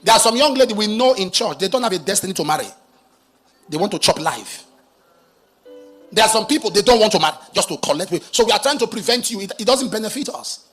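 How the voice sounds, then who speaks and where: A high-pitched man preaching, spinning a dramatic cautionary tale. He swings between quiet asides and loud, emphatic peaks. Soft music plays faintly behind him. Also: lively intonation, fast talker. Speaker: pastor. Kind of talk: sermon storytelling.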